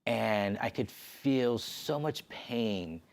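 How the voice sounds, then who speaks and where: A man sharing an emotional personal testimony, halting and restarting as he talks. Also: mid-range voice, lively intonation, gravelly. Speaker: podcast host sharing his story. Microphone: on camera.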